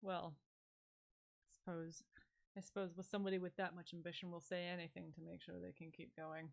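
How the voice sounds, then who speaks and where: A woman playing a tabletop game with a slightly low voice. She talks casually and reacts bluntly and quickly to what the game master says. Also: little pitch movement, gravelly. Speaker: player.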